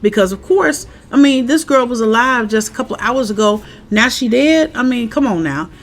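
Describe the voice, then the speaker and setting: A woman's voice: on the high side, moderate pace. Chatty woman recapping a TV episode. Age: adult parent. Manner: chatty, animated, acts out characters' lines. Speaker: show recap vlogger. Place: outdoors, windy.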